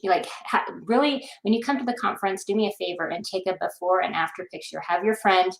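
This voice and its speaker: A woman's voice: medium pitch, a little fast, gravelly, echoey room, poor audio. A woman guest on a video call, talking in an upbeat, rambling way with many fillers. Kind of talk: casual video call pitch.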